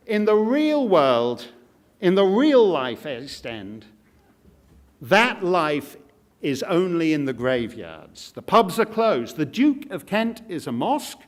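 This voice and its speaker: A man speaking to a live audience in a wry, sardonic way, dropping jokey asides. His voice sits high for a man and rises and falls a great deal. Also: very animated, slow.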